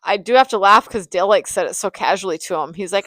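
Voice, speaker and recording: Woman podcast co-host, mid-pitched and opinionated, casual recap talk, dry booth sound. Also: quick pace, hardly any pauses, fairly bright tone, dry recording, rough recording. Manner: opinionated, talks in restarts and repeats. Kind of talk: casual chat recapping a reality show.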